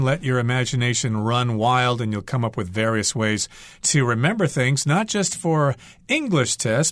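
A man teaching English on a radio lesson, walking through vocabulary with everyday examples. He is patient and says key words over slowly. His voice sits at a middle pitch in a dry, close studio sound. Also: no room sound.

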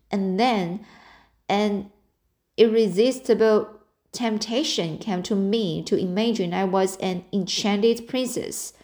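A woman's voice: mid-range voice, a little mellow, close to an everyday voice. A woman reading the part of a dreamy, talkative orphan girl in an audiobook, in an earnest, romantic and breathless manner.

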